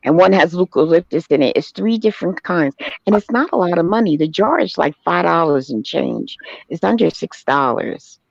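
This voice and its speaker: A woman hosting a casual chat show, talking in an animated, storytelling way. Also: fairly low pitch, moderate pace, gravelly, no echo. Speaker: host. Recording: dull lo-fi sound.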